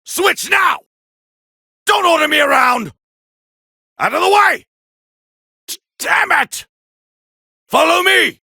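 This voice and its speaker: An actor playing an arrogant, proud alien warrior prince, barking boastful taunts and battle cries in gravelly video game voice clips. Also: male voice, very high-pitched, pushed and bright, no room sound, clean studio sound, exaggerated voice. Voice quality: gravelly, raspy. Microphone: close studio mic, dry.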